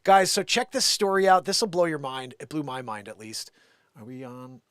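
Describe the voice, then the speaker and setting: A live music and comedy show host reads out a news story, putting on a playful mock radio-announcer voice and laughing along during his live comedy stream. His voice is mid-range and clean-toned at a moderate pace. The recording is dry, with clean studio sound.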